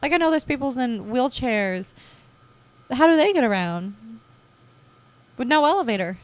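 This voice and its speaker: A young woman in her twenties, hosting her own podcast, telling her story in a chatty, casual way and acting out her past self with lively jumps in voice. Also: high voice, unhurried, no echo. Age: 20s. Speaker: podcast host. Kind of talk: casual personal podcast monologue.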